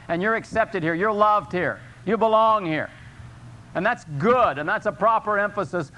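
An older man preaches a sermon, his voice sitting a little high for a man. He is earnest and slows right down to draw out scripture. A faint hiss of noise sits behind him. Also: sharp tone. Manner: earnest preaching, rising for emphasis, slow drawn-out scripture quotes. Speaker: pastor.

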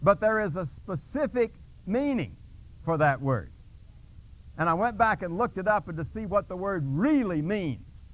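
A man's voice: lively intonation, unhurried, fairly bright tone. A male pastor preaching a sermon, retelling a scripture scene dramatically and explaining a word, with restarts and fillers. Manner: dramatic storytelling with sudden pitch jumps.

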